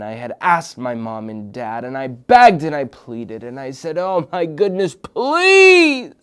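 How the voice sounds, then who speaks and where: A man from Minnesota hosting a children's show, telling a story dramatically and dropping into whispers for suspense. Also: on the high side. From Minnesota, United States. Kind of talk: storytelling for kids.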